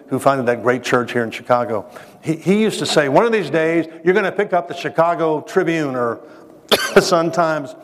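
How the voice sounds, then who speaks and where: A man with a mid-range, darkish voice delivers an earnest, emphatic sermon-style testimony, speaking directly to his listeners. The recording has a long hall reverb.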